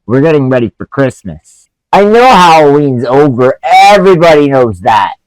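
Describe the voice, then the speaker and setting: Sarcastic man ranting, higher voice. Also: big pitch swings, normal speed, no echo, poor audio. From Canada. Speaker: movie reviewer. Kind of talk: comedic rant review.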